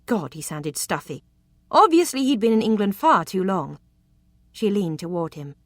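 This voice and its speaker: A woman narrates a historical romance audiobook with an expressive, intimate delivery. Her voice sits at a middling pitch. The recording is dry and close, with no room echo. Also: normal speed.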